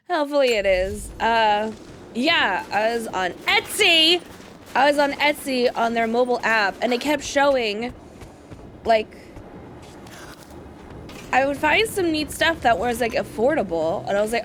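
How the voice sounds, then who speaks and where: A young woman streaming a game, chatting casually in animated, laughing rants. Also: fairly high pitch, normal speed, pauses often, a little hiss or hum. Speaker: gaming streamer. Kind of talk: casual let's-play chat.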